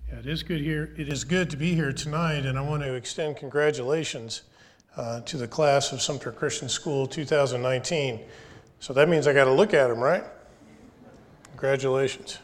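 A man's voice: medium pitch, normal speed, long reverb tail. A man in his forties giving a commencement address in a folksy, earnest way, joking with the graduates. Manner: earnest, folksy, jokes with the audience. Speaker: graduation speaker. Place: school or church hall.

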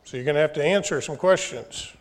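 A man in his forties gives a graduation address in an earnest, folksy manner, teasing the graduates now and then. His voice sits a little high for a man. The sound rings with the long reverb of a large hall. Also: quick pace. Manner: earnest, folksy, jokes with the audience. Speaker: graduation speaker. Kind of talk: commencement address. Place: school or church hall.

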